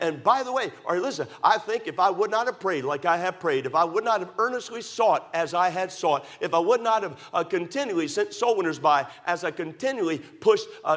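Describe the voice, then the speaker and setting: A man preaching a sermon, emphatic and repetitive, rising to loud pleas and dropping to quiet asides. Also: a little high. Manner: emphatic, repetitive, swings between loud pleading and hushed asides. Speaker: pastor.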